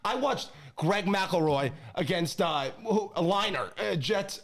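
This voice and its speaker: A young man co-hosting a casual sports chat, excitable and quick to rant and get worked up. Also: high-pitched. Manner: excitable, ranting, gets worked up. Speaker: co-host.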